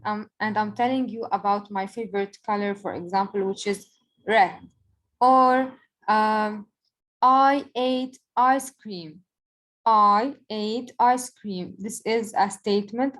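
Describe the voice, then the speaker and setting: A woman teacher going through worksheet answers in a recorded lesson, slowing down to stress each example sentence. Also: medium pitch, low-quality recording. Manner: patient, explanatory, stresses example sentences slowly.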